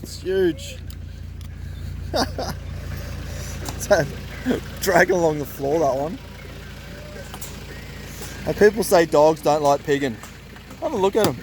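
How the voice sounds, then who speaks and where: A pig hunter and channel host spins a loose, rambling hunting yarn in laid-back slang, chatting to his dogs outdoors. His voice is fairly high and unhurried, with long pauses. A distant mic picks him up outdoors with faint background noise.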